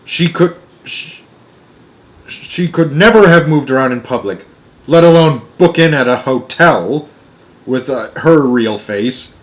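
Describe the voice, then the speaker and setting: Expressive young man reading aloud. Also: mid-range voice, slow pace. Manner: expressive, with small slips and restarts. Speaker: storyteller. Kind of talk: reading a children's book aloud.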